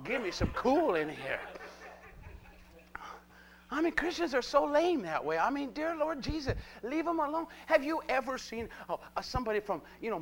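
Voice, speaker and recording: A man preaching a live sermon, animated and jokey, constantly prodding his listeners with rhetorical questions. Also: extremely high pitch.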